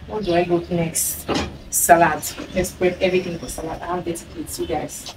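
A woman's voice: fairly low pitch, sing-song, moderate pace. Bubbly woman chatting while cooking. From Cameroon. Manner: bubbly and chatty, often bursting into song. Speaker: cooking vlogger. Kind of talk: casual cooking chat. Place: home kitchen. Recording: distant mic with clear background noise.

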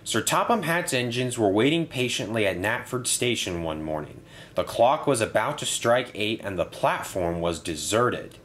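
Male storybook narrator, animated and expressive. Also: on the low side, measured pace.

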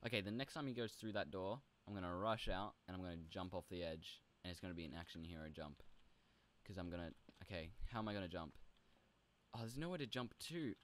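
Playful low-voiced young man gaming. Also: brisk, fairly bright tone. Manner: playful, chatty, jumps to high squeaky goofy bits. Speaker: gaming video host. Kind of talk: casual role-play commentary.

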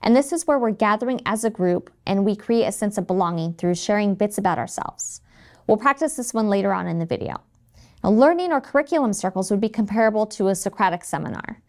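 A woman's voice: mid-range voice, animated, quick pace, darkish tone. A woman in her thirties giving scripted, friendly instructional narration for a teacher training video. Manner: friendly, acts out quoted phrases. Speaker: trainer for educators.

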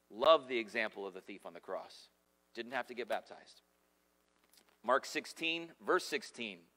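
A man's voice: medium pitch, fairly bright tone. A man preaching a sermon as pastor, emphatic and conversational with humorous asides. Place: church sanctuary. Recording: long reverb of a church hall.

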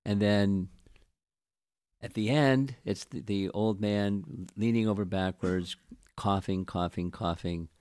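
Low-voiced man giving a halting scripture talk. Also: fairly even intonation, darkish tone. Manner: halting, with frequent restarts and repeated words. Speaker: spiritual teacher. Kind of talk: scripture lecture.

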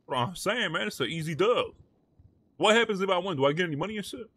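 Man, slangy, laughing, casual role-play, slightly high voice. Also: animated, fast, a bit bright, husky, dry recording. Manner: laughing, loose street slang. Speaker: streamer playing a defendant.

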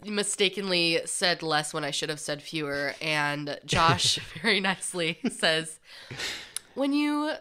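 Low-voiced woman, bright, smooth podcast co-host. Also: a little slow, few pauses. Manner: relaxed, conversational, with light laughter. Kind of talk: casual podcast discussion.

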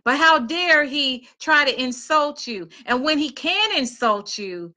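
A middle-aged woman with a high, bright voice tells her own story. She speaks to her listeners in an animated, preaching way. She moves into other voices as the story calls for them. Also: takes it slowly, few pauses. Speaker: motivational speaker. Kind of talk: storytelling talk.

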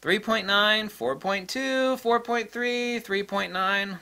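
A man's voice: sits high, slow, vocal fry, bright, forceful tone, smooth. A middle-aged man hosting a photography channel, talking bluntly and emphatically, repeating key points as he rants. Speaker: photography video host. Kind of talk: emphatic solo tech rant.

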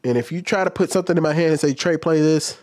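A man's voice: on the high side, racing, a little mellow. A man who works as a teacher, giving a casual, blunt commentary and sounding fed up. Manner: blunt, exasperated, mocks others with exaggerated voices.

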